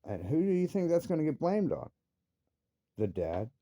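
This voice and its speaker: In a heated personal rant, this man, a father, curses his way through complaints about his family, his voice suddenly rising into angry outbursts. His voice sits on the high side with big pitch swings and a warm tone, delivered at normal speed with no room sound.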